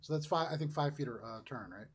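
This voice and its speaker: A man's voice: mid-range voice, fast, slightly rough. Man running a tabletop game. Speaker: game master.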